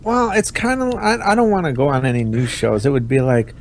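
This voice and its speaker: A man's voice: mid-range voice, a little fast, a little hiss or hum. A man appearing as a podcast guest, joking crudely in casual banter. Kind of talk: casual chat.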